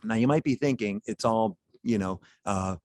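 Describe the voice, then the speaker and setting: A man's voice: lowish voice, moderate pace, darkish tone, no room sound. A man presenting wines at a charity gala over a video call, in a chatty, folksy way, chuckling as he talks.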